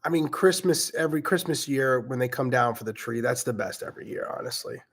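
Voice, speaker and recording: A middle-aged man with a noticeable regional accent hosts a casual question-and-answer session and tells stories with lively energy. His voice sits at an ordinary middle pitch. He curses casually as he talks. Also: a little fast, husky. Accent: regional accent, self-noted. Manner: animated storyteller who swears casually. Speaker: podcast host. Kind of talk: casual Q&A storytelling.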